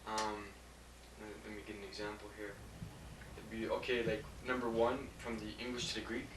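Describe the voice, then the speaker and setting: A man's voice: on the low side, little pitch movement, brisk. A man, a student in a classroom, answering hesitantly with many uh and um. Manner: hesitant, full of uh and um. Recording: echoey classroom from far off, faint hiss.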